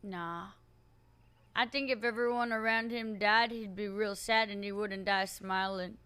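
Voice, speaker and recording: A woman's voice: medium pitch, steady tone, unhurried, pushed and bright, clear, resonant tone. A woman roleplaying a blunt, playful frontier woman, talking in a drawling rural dialect with a teasing edge. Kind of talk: in-character roleplay.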